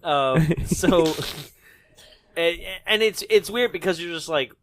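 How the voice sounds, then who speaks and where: A man's voice: fairly high pitch, takes it slowly, a bit bright, no room sound. A man co-hosting a casual movie podcast, joking, swearing and laughing often as he acts out scenes. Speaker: podcast co-host. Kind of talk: casual movie-review banter.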